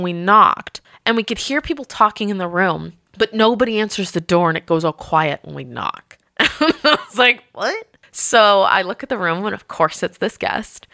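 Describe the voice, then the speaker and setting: A woman with a bright, clear, medium-pitched voice tells stories about hotel guests in a relaxed podcast chat. She is lively and slips into voices for the people she quotes. The sound is close and dry. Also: no echo. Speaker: hotel manager telling work stories. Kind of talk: casual podcast storytelling.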